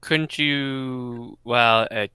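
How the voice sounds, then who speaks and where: A man's voice: mid-range voice, fairly even intonation, drawn-out words, sharp tone, clean tone. A man co-hosting a podcast in laid-back casual chat, swearing now and then. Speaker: podcast co-host.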